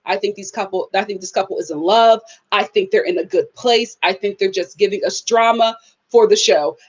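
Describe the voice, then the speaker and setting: A woman hosting a casual live review of a reality show, animated, slangy and outspoken. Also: mid-range voice, muffled recording. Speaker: reality TV reviewer and channel host.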